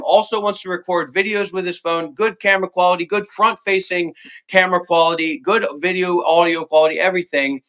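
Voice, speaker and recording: A man with a high, piercing voice rants on a livestream, swearing freely and hammering his points home. He stacks demand after demand in long insistent lists, never giving ground. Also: fairly bright tone. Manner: profane, confrontational and insistent; repeats commands in long lists. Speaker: call-in guest. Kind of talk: heated livestream argument.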